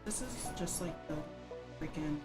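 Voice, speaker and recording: A woman's voice: fairly low pitch, animated, normal speed. A young woman chatting while she builds her first computer on stream, goofy and a little loopy, self-mocking, a bit far from the microphone. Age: young adult. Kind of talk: casual livestream chat. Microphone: microphone across the room, sounds distant. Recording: music playing behind.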